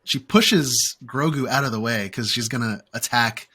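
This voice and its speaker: Casual chat from a man hosting a fan podcast. He walks through the plot in a relaxed, rambling way, full of "um"s and quick jokes, at an ordinary pitch. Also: slightly rough. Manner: recaps plot with frequent fillers and playful quotes. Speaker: podcast host.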